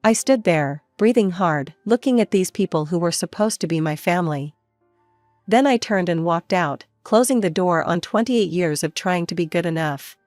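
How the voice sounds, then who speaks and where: A woman narrating a first-person family story in a steady, plain way. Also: on the low side, normal speed, dry recording, studio quality, soft background music.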